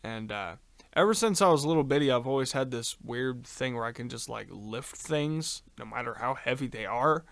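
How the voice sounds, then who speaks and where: A male co-host on a casual podcast tells a long story, rambling along with many ums and uhs and swearing freely. His medium-pitched voice is animated and a bit bright, with some vocal fry, a moderate pace and no room sound.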